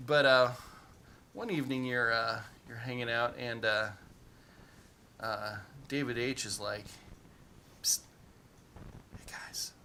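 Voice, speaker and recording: A man's voice: mid-range voice, steady tone, unhurried, long pauses, bright, forceful tone, slight background noise. A man running a tabletop game as game master, narrating in a rambling way full of "you know" fillers.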